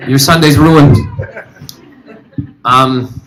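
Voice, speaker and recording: A man doing stand-up comedy on stage, rambling and animated as he chats with the audience. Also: mid-range voice, drawn-out words, background noise. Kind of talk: stand-up comedy with crowd work. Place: live comedy venue.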